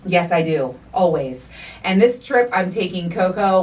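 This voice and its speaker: A middle-aged woman hosting a podcast, telling a story in animated, profane casual chat and acting out the quotes. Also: on the low side, unhurried, far from the mic, slight background noise. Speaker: podcast host.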